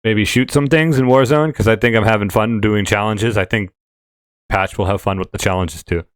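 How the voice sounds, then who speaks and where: A man hosts a relaxed gaming chat show, wandering from thought to thought with plenty of fillers and restarts. His voice is smooth and resonant, recorded close and dry with no room sound. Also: fairly low pitch, normal speed, dry recording. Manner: rambling, with many fillers and restarts. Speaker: podcast host. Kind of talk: casual chat.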